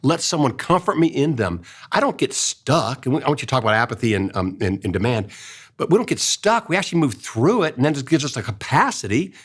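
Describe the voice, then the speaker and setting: An older man, telling an earnest personal story in a casual way, going soft and hushed when he quotes his own gentle words. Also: medium pitch, big pitch swings, fast, husky. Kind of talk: casual storytelling in a faith-based talk.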